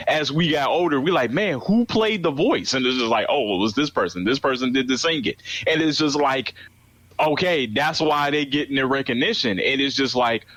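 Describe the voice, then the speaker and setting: A man's voice: on the high side, fairly bright tone, dry recording, dull audio. Guy cohost rambling about movies, lots of um, dry close sound. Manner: halting, many "um" and "you know". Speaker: podcast co-host. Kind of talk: casual movie review chat.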